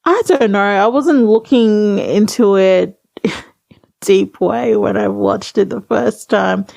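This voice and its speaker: A woman's voice: mid-range voice, takes it slowly, creaky, a little mellow, no echo. A woman co-hosting a podcast in casual chat, rambling and hesitant with many fillers. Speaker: podcast co-host.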